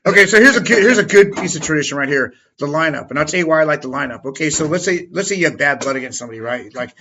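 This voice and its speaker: A man's voice: on the high side, lively intonation, fast talker, few pauses, sharp tone, slight background noise. A man co-hosting a casual podcast chat who rambles, hunts for words and laughs often. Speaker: podcast co-host. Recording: dull lo-fi sound.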